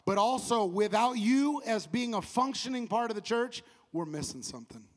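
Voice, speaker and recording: A male pastor with a Southern US accent delivers an animated sermon in a notably high voice. He laughs at his own asides and prompts the congregation to answer back. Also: moderate pace, long reverb tail. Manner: animated, laughs at himself, call-and-response with the congregation.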